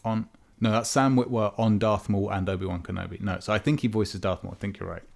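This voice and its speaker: A man co-hosting a casual gaming podcast, relaxed, thinking aloud and correcting himself as he goes. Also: on the low side, fast, gravelly. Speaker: podcast co-host.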